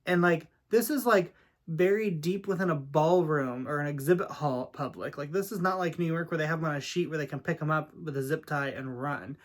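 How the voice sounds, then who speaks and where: A man's voice: a little high, a little fast. A man vlogging in a casual storytelling style, chatty and sassy with dramatic asides. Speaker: vlogger and real estate agent.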